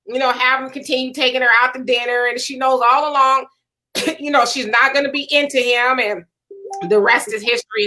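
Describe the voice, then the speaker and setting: A woman hosting a casual panel chat show, animated and reading viewer comments aloud. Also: high-pitched. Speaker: show host.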